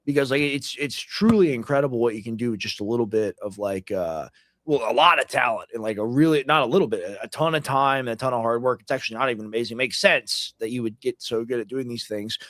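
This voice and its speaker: A man's voice: medium pitch, quick pace, fairly bright tone, no echo, studio quality. A man co-hosting a casual livestream chat, rambling and leaning hard on "like" as filler. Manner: rambling, heavy use of "like" fillers. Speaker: co-host.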